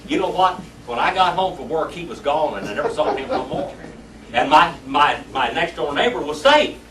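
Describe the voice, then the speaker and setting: A man's voice: fairly high pitch, animated, normal speed. A man teaching a Sunday school class in a church classroom, telling the story in a folksy, colloquial way. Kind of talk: lively Bible class teaching. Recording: echoey room, distant mic, faint noise.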